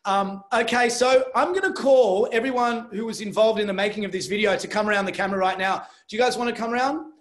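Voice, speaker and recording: Male host, high voice, casual livestream chat, jokes and fillers. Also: fast, hardly any pauses, a bit bright. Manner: chatty and joking, rambling with fillers.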